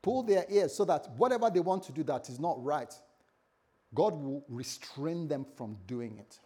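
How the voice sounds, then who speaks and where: Male pastor, husky voice, conversational sermon with lots of restarts and acted-out dialogue. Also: fairly high pitch, lively intonation, normal speed, dark tone.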